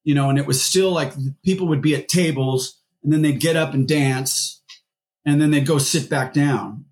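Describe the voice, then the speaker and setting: A man's voice: fairly high pitch, normal speed. A man, a musician guest, talking casually in an interview and rambling through his stories with lots of fillers and restarts. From Seattle area.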